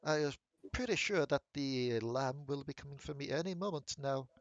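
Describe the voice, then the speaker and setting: Man playing a haughty ghost gent, mid pitch, dry close sound. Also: normal speed, dry recording, dull audio, lightly acted. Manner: haughty, clipped and disdainful. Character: posh stuffy male ghost gentleman, haughty.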